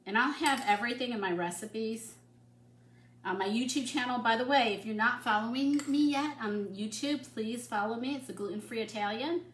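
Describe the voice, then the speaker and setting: A woman's voice: fairly high pitch, normal speed. A middle-aged woman hosting a casual cooking demonstration, chatty and enthusiastic as she works in her home kitchen. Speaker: cooking show host. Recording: echoey room.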